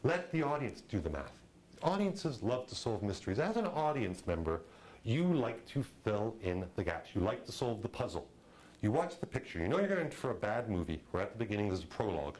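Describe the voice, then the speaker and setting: A man giving a lively lecture on film directing, chatty and full of "you know" and "okay", acting out audience reactions with sudden jumps in his voice. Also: on the low side, brisk, poor audio. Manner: animated, acts out audience reactions in a raised voice.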